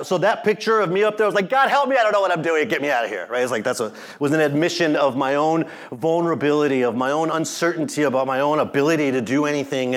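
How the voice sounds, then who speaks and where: Animated man preaching a sermon. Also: fairly high pitch. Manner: animated, acts out quotes, jokes with congregation. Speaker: pastor.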